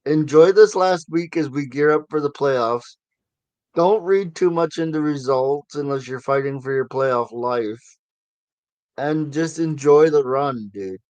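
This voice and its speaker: A man's voice: fairly high pitch, unhurried, a little mellow, no room sound. A man hosting a casual sports talk show, chatty and given to sarcastic asides. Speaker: sports podcast host.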